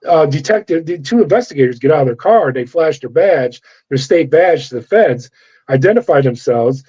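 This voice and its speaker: Lo-fi animated man telling his story. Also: fairly high pitch, a little fast, breathy edge. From California. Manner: animated storyteller acting out quoted voices. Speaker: guest, former corrections officer. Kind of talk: storytelling interview. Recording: dull lo-fi audio.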